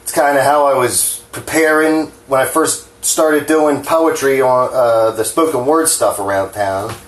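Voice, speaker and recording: A man's voice: mid-range voice, a little slow. A man from New Jersey chatting casually while he cooks at home, rambling and frank, swearing freely and joking at his own expense, his hands shaking a little. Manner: rambling, frank and profane, self-deprecating. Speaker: home cooking vlogger. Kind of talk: casual rambling cooking talk. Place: home kitchen. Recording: echoey kitchen with faint clatter.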